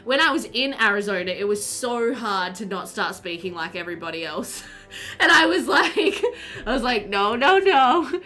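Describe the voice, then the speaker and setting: A woman's voice: mid-range voice, lively intonation, moderate pace, sharp tone, faint music behind. A woman chatting casually while streaming a game, reading chat aloud and laughing often.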